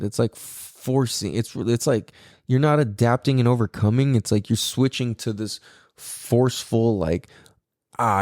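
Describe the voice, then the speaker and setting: A man hosting a podcast, talking in a loose, animated, profane rant full of fillers. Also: medium pitch, dry recording, studio quality. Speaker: podcast host.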